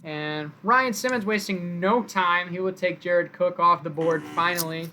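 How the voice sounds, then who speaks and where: A man hosts a live stream over an online call, casually announcing draft picks with upbeat play-by-play and thanking viewers. His voice is high-pitched, unhurried, and sharp, with a little hiss or hum.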